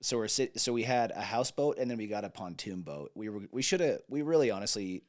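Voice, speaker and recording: A man with a fairly low voice chats casually as a podcast co-host. He rambles in a jokey way, often trailing off mid-thought and starting over. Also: lively intonation, fast, no echo, studio quality. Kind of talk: casual chat.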